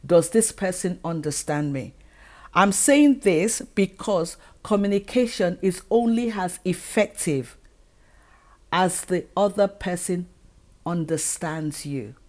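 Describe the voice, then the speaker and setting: This woman's voice is lowish, slow and a little mellow. She is a middle-aged African channel host and educator who gives advice on her vlog, speaking earnestly to the camera and leaning on rhetorical questions.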